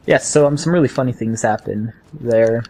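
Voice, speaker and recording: A man's voice: medium pitch, a little mellow, slight background noise. A young man hosting a gaming channel, telling rambling, chatty stories while he plays. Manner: rambling, chatty storytelling between game reactions. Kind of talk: casual gameplay commentary.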